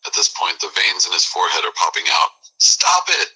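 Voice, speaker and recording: A man narrating a whispered role-play in a hushed voice, describing a figure's growing anger to the listener. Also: sits low, level tone, fast, slightly rough, poor audio.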